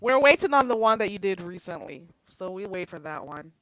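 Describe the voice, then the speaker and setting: A woman's voice: medium pitch, sing-song, brisk, fairly bright tone, poor audio. A woman hosting a live online panel, chatting casually and encouraging her guest. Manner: easygoing, supportive interjections. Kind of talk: casual livestream chat.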